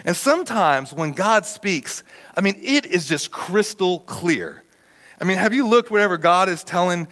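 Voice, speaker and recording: A pastor preaching in a church, his voice sitting a touch high for a man. He talks in a loose, conversational way, and his stories build to sudden shouts. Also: animated, measured pace. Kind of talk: sermon. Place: church auditorium.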